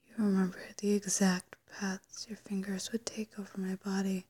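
A woman voicing a wistful, teasing ex-lover in a whispered role-play, speaking in a hushed, breathy voice with hesitant restarts. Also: mid-range voice, flat delivery, normal speed, close to an everyday voice. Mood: sultry, teasing.

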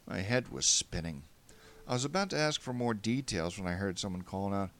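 A man with a low voice narrates a first-person story. His pitch swings widely as he tells it with wry, animated storytelling. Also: brisk.

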